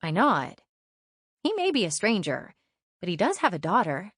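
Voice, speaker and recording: Lively woman narrating a kids' audiobook. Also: on the low side, moderate pace, breathy edge, no room sound, studio quality. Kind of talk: scripted first-person narration for children.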